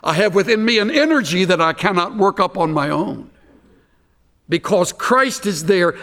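A man preaching an expository sermon, emphatic and slowing down to stress key phrases. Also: a little high, creaky, fairly bright tone, big-room sound.

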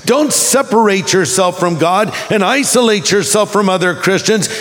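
A pastor with a notably high voice delivers a sermon, rising and dropping his pitch for emphasis and slowing down on key words. The sound carries the long reverb of a large hall. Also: fairly bright tone. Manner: preaching with emphatic swings in pitch.

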